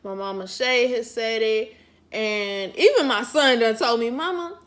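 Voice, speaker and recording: Woman vlogging, kinda high voice, talks folksy and rambly, gives little pep talks. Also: a little slow. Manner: chatty, folksy, drifts off topic; encouraging, pep-talk delivery. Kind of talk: casual chat to camera.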